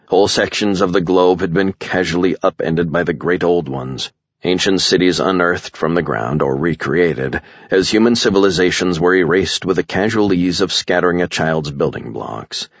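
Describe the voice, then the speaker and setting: A man with an extremely deep, gravelly voice narrates a story in the first person, with a grim, measured delivery. His tone is husky, and the dry, muffled recording keeps it close. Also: dry recording. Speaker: audiobook narrator.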